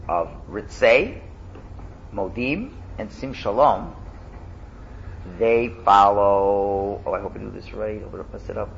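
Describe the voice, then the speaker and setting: A man teaching a casual class, lively and animated, chanting loudly when he demonstrates. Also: fairly low pitch, unhurried, creaky, lo-fi sound, a little hiss or hum.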